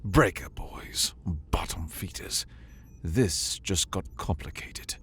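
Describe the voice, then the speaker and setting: A man's voice: low-pitched, expressive, measured pace, slightly rough, heavily acted. A man doing a curt armed woman thief. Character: tough female armed salvage thief.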